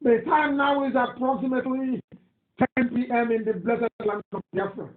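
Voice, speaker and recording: A man's voice: extremely high pitch, fairly even intonation, moderate pace. A man with a Nigerian accent giving a live radio broadcast, reading listener messages in an emphatic, indignant, repetitive way. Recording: tinny phone-like audio, echoey room.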